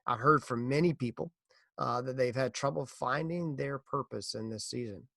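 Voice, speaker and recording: Earnest podcast man with gravelly voice. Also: mid-range voice, moderate pace, fairly bright tone, no echo, clean studio sound. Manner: earnest, encouraging, tells a corny joke. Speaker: podcast host. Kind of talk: casual motivational podcast talk.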